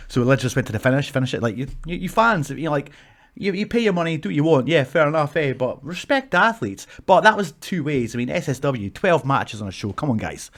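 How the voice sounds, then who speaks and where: A Scottish man, a pro wrestler in his thirties, casually telling stories to camera, animated and swearing freely. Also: a little high, fast. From Scotland. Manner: animated, swears freely, acts out shouts from the ring.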